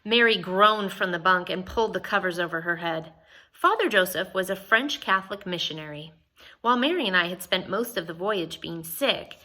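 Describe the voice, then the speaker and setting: A woman teacher reading a novel aloud, expressive, pausing to explain the story to her listeners. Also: on the low side.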